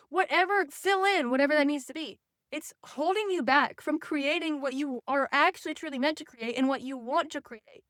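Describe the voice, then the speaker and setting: A woman's voice: high-pitched, a bit bright, dry recording, studio quality. A young woman vlogging in a casual, candid ranting way, often saying "like" and slipping into mocking voices. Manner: says "like" often. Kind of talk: casual chat.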